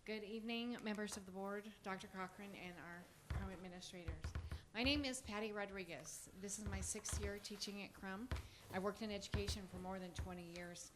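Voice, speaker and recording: A woman's voice: medium pitch, fairly even intonation, background noise. A middle-aged woman, a teacher giving an earnest prepared statement at a public forum. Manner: earnest, measured, reading a speech.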